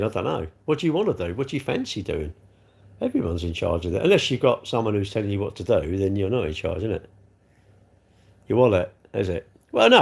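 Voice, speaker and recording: Gravelly, rambling man chatting to viewers. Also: on the low side, darkish tone. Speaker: livestream host. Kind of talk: casual livestream chat reading viewer comments.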